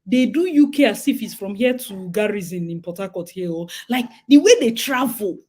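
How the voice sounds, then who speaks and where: A Nigerian woman co-hosting a talk show, chatting in a lively, dramatic way with frequent laughs and asides. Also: mid-range voice, normal speed, breathy edge. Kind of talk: casual chat.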